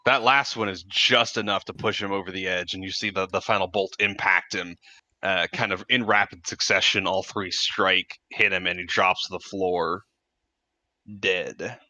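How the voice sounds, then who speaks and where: A man running a tabletop game as game master, narrating in a measured way with many fillers. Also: sits low, fairly even intonation, sharp tone, no room sound.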